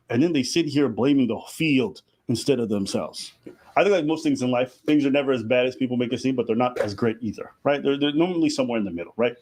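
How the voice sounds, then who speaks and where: Man, quick pace, mid pitch, calm reasoned commentary. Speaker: commentator in a played clip. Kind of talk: measured explanatory commentary.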